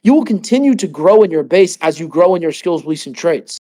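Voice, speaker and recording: A young man with a high voice coaches his listeners in a motivational monologue. He tells his story at a quick, energetic clip, tripping over restarts and tossing in lots of "like" and "right?". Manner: fast, energetic storytelling with many fillers and restarts. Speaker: business coach.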